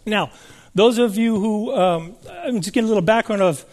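A man with a high-pitched voice delivers a sermon to his congregation. He keeps it conversational and often checks in with the room by asking questions. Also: lively intonation, brisk, a little mellow. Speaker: preacher. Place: church service before a congregation.

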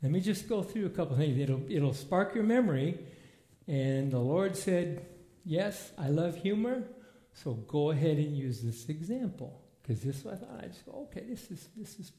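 A man teaching a Bible lesson in a church hall in a loose, lively way, acting out scenes in different voices. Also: a little high, moderate pace. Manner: animated, acts out movie scenes in voices. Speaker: preacher. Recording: echoey room.

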